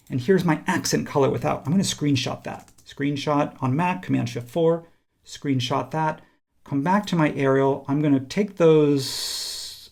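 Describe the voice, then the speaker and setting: A man teaching a software tutorial, talking casually and thinking aloud while he clicks through steps. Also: fairly high pitch, creaky. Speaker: instructor. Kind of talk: screen-recorded software tutorial.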